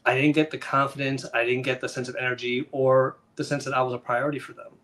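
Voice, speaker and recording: Animated middle-aged man telling stories. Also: medium pitch, fast. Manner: animated, acts out the voices of others in his stories. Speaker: children's book author, guest. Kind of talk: conversational interview storytelling.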